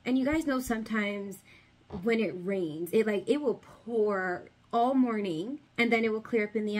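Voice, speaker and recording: A woman, a family vlogger and mother, chatting casually to the camera and her kids, often saying "like" and "guys.". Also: mid-range voice.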